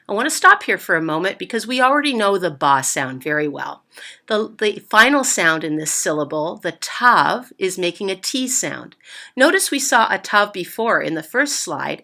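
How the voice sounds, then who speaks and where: A woman's voice: medium pitch, sing-song, moderate pace, creaky, bright, forceful tone. A woman teaching beginners to read, patiently sounding out each word and repeating it, with a few playful asides. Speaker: Hebrew reading teacher. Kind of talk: slow step-by-step reading lesson.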